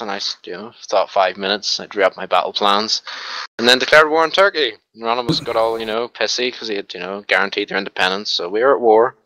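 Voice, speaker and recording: Male gamer on voice chat, sharp bright tone, dry close sound, swears, storytelling. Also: on the low side, smooth, no room sound, low-quality recording. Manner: animated storyteller, swears freely. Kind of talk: casual chat.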